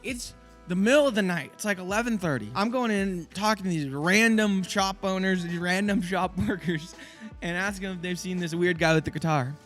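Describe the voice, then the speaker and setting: A man who owns a small business, telling a story in a casual, animated way. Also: sits high, faint music behind. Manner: animated, fast-talking.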